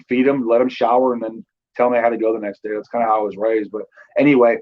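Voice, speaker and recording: A man's voice: medium pitch, little pitch movement, fast, narrow, tinny audio. A man in his thirties from Northern California, a guest telling his life story in loose casual talk with many fillers. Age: 30s.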